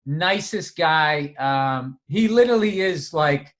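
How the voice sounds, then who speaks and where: A man with a fairly high voice, talking loosely on a podcast mic. He circles around his point with restarts and casual swearing. He sounds relaxed and conversational. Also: slow pace. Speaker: comedian and podcast co-host. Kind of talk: casual chat.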